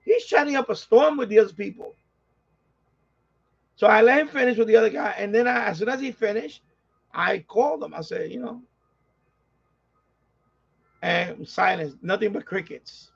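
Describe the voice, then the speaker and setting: A man's voice: sits high, animated, normal speed, gravelly, long pauses, husky. A man with a New York accent hosting a ham radio live stream, venting in an exasperated, repetitive way, on dull lo-fi audio. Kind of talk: casual live-stream rant.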